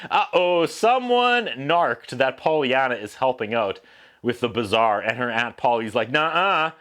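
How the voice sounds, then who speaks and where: A man's voice: medium pitch, unhurried, a bit bright. A man hosting a casual, comedic movie recap, with lots of sarcastic, wry asides. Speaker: film reviewer host.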